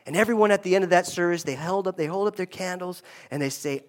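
A man preaching in a church, his voice pitched a little high. He talks to the congregation in an easy, lively way and calls them to answer back. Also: fast, hardly any pauses. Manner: lively, conversational preaching with call-and-response. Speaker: pastor. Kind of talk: sermon. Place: church sanctuary.

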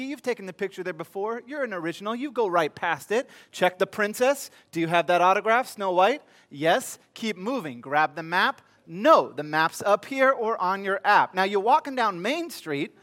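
High-voiced pastor telling a comic story. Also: male voice, moderate pace, hardly any pauses. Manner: animated storytelling, comic asides to congregation. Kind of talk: sermon.

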